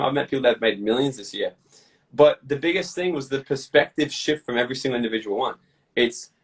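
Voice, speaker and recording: A man being interviewed, talking bluntly with lots of swearing and lively storytelling. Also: medium pitch, breathy edge, distant mic, poor audio. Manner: blunt, profane, animated storytelling. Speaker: guest. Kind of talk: casual interview chat.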